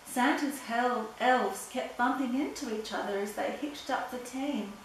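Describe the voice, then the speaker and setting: A woman reading a children's Christmas story aloud in a gentle, expressive way. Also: a little high, a little slow. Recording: very echoey, far from mic, faint hiss.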